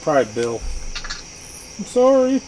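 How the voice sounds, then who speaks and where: A man acting as game master in a casual tabletop game, relaxed and often murmuring agreement. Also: sits high, unhurried, slight background noise, low-quality recording.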